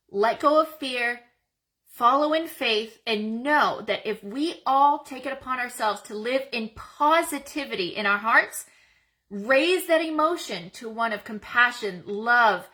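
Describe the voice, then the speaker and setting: Bright-voiced woman giving earnest self-help talk. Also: on the high side. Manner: earnest, encouraging, addresses viewers as guys. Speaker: self-help video host. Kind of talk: motivational talk to camera.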